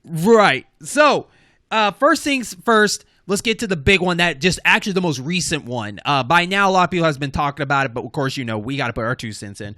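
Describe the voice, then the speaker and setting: A man's voice: fairly high pitch, lively intonation, fairly quick, sharp tone, dry recording, studio quality. A man co-hosting a casual video game news podcast, talking in a loose, rambling way with plenty of fillers. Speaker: podcast co-host. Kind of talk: casual gaming news chat.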